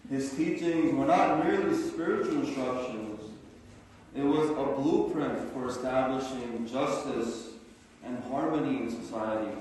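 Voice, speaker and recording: A man giving a formal prepared speech at a symposium, earnest and measured. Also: medium pitch, darkish tone, slight background noise. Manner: measured, earnest oratory with a slow deliberate rhythm. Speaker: symposium speaker. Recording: echoey hall from far off.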